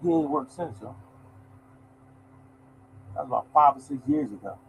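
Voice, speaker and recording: A man's voice: medium pitch, expressive, normal speed, vocal fry, a little hiss or hum, rough recording. A man hosting a lottery podcast in a casual, emphatic monologue, repeating his points and calling listeners y'all.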